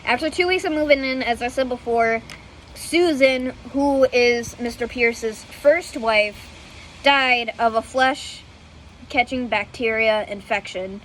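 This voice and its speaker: A woman's voice: a little high, takes it slowly, a bit bright, slight background noise, poor audio. A woman vlogger telling history in a casual, hesitant way, with many fillers and self-corrections, often laughing at herself. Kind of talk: casual unscripted storytelling.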